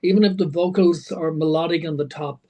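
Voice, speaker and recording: Animated storytelling man, slightly high voice. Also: a little fast, highs cut off. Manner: animated anecdotes full of fillers and restarts. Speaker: rock singer guest. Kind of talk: casual interview storytelling.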